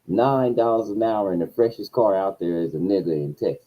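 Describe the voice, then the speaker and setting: A man telling a profane story in a casual rant, his voice swinging between low mutters and loud outbursts. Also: a little fast, highs cut off. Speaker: streamer.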